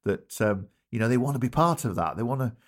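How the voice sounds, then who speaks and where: A man interviewing a guest in relaxed conversation, drawing on his own radio work. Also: medium pitch, fast. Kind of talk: casual chat.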